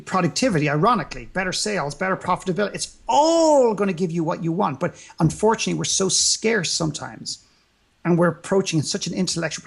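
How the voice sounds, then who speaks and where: A man's voice: a little high, gravelly, breathy edge. A man speaking as an interview guest in a motivational conversation, emphatic and full of rhetorical questions and repetition.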